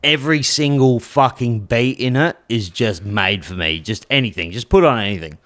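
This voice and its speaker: A man's voice: mid-range voice, normal speed, fairly bright tone. A man hosting a podcast, laid-back and casual, saying "bro" often. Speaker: podcast host. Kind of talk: casual chat.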